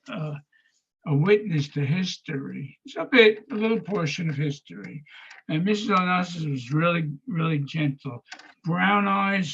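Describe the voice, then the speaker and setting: An older man with a husky, slightly high voice tells a long personal story, excitable and rambling, leaping up in pitch whenever he acts out what someone said. The sound is dull and lo-fi, like audio from a video call. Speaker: guest storyteller. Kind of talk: anecdotal storytelling.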